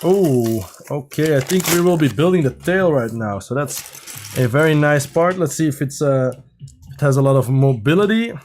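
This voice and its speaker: A man's voice: fairly high pitch, normal speed, slight background noise. Casual man chatting through a build. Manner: relaxed, thinking aloud while building. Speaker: livestream host. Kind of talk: casual live-build chat. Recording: faint music behind.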